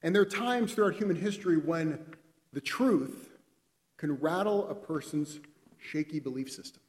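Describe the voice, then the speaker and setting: Guy telling a story in a sermon, kinda high voice, really animated, big echoey hall. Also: moderate pace. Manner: animated storyteller, acts out the characters' lines. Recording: long hall reverb.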